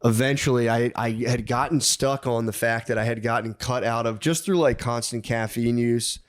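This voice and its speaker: A man tells a long, rambling story on a podcast, breaking into laughs and acting out his own thoughts. His voice sits at an ordinary middle pitch. It sounds dry and close, with no room around it. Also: steady tone, normal speed, dry recording. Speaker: podcast co-host. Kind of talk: casual storytelling chat.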